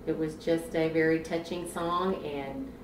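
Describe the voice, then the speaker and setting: A woman's voice: low voice, steady tone, measured pace, far from the mic, slight background noise. A woman animatedly recalling the revival tents and altar calls of her childhood. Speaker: choir member. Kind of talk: reflective interview talk. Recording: roomy, off-mic with faint ambience.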